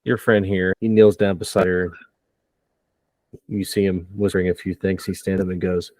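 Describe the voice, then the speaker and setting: Deep-voiced male game master, laughing. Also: normal speed, pauses often, dry recording. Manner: laughs often, relaxed banter. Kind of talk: narrating a tabletop game.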